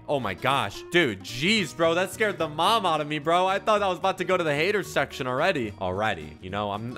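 A man giving excitable gameplay commentary with dramatic reactions. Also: mid-range voice. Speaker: gaming YouTuber.

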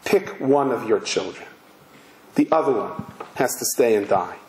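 Man doing a low, icy officer, mock-polite, cruel, echoey room. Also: expressive, unhurried, darkish tone, slight background noise, natural voice. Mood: cold mocking. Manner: coldly courteous, taunting. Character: cruel mocking male Nazi officer. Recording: roomy hall echo.

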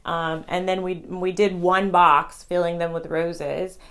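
A young woman vlogger chatting casually about her wedding, rambling and fast with many ums and restarts. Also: lowish voice, little pitch movement, a bit bright. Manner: talks fast. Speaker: vlogger sharing wedding tips. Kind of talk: casual chat to camera.

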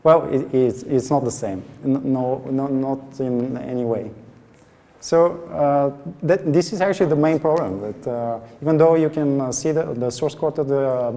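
A man giving a technical talk at a conference, pausing often with filler sounds. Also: mid-range voice, warm tone. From Bulgaria. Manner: hesitant, many filler sounds. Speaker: conference speaker. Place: large conference hall. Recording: reverberant hall sound.

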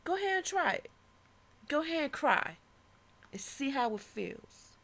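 A woman performing her own spoken-word poem with passion and a preaching tone, dropping to whispers and then rising to loud declarations. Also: high-pitched, very animated, measured pace. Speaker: poet. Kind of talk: spoken-word poetry recital.

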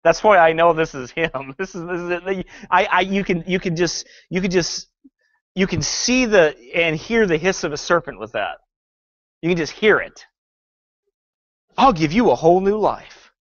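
A man preaching with fervor and biting sarcasm, a pastor taking apart a film's message line by line. His voice sits a little high for a man. The sound is dry and somewhat dull, as if recorded on modest gear in a dead room. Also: animated, normal speed, fairly bright tone, no room sound. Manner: sarcastic, fervent preaching with scripture reading. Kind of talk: sermon critiquing a film.

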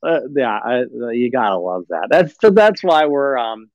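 A man's voice: mid-range voice, sing-song, normal speed, a little mellow, dry recording, rough recording. A man in casual livestream chat, mocking and rambling with lots of fillers and frequent laughs. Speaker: livestream guest.

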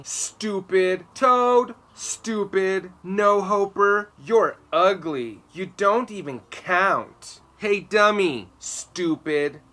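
A mean schoolboy bully jeers in a high, loud, sing-song taunt, stretching out each insult. A man puts him on while reading a children's picture book aloud. The voice is bright and sharp. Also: heavily acted. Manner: jeering, sing-song name-calling.

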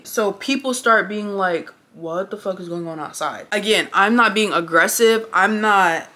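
A woman's voice: mid-range voice, pushed and bright. A young woman telling a story to camera while getting ready, blunt, emphatic and full of swearing. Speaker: vlogger.

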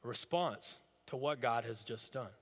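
A man's voice: medium pitch, normal speed, fairly bright tone, big-room sound. A man preaching a sermon as a pastor, in a conversational, storytelling way. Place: church sanctuary.

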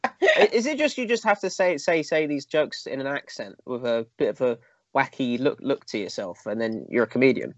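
Crude joking young man, lively voice. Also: mid-range voice, normal speed, no room sound, dull audio. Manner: crude joking, playful repetition. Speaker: reaction video co-host. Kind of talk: casual banter.

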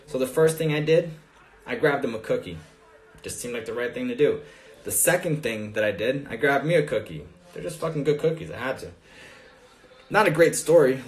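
A man coaching on dating, telling a story in a casual, profane, animated way during a live Q&A. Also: mid-range voice.

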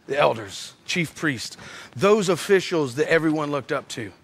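A male pastor preaching a lively sermon, acting out stories with shouts and sound effects. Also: a little high, moderate pace. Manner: animated, acts out scenes with shouts and sound effects. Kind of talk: energetic sermon storytelling.

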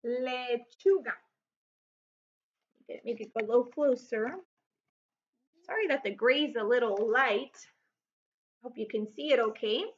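A woman teaching a recorded Spanish vocabulary lesson, speaking slowly and clearly and repeating each word several times. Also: on the high side, highs cut off.

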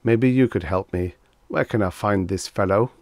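A man's voice: fairly low pitch, normal speed, dry recording, close to an everyday voice. A man voicing Death personified as a bungling male figure, humble and apologetic. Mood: meek apologetic. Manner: stern at first, then humble and apologetic.

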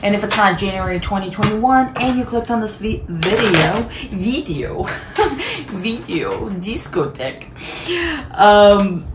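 A woman's voice: mid-range voice, animated, unhurried. A woman giving a casual tarot reading in a bubbly, chatty way and laughing often. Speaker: tarot reader. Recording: echoey room, faint background noise.

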